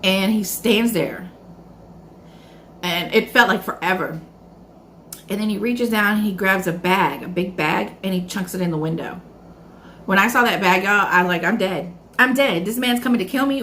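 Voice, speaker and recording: A woman's voice: mid-range voice, slight background noise. Chatty woman telling a story to viewers. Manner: animated storyteller acting out her own past reactions; chatty, keeps addressing viewers as y'all. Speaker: food vlogger. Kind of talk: casual mukbang storytime.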